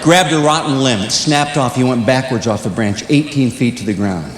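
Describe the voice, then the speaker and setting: An older man telling comic stories to young people, swinging between loud punchlines and hushed, earnest moments. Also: moderate pace. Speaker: speaker at a youth conference. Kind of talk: comedic storytelling. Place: large hall. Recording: echoey hall with faint rumble.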